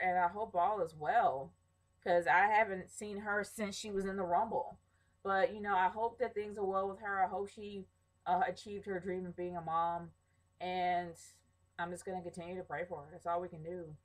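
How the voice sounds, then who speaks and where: A woman's voice: fairly low pitch, little pitch movement, moderate pace, poor audio. Chatty opinionated woman vlogger. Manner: chatty, opinionated, with many ums and restarts. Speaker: vlogger answering viewer questions. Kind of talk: casual chat.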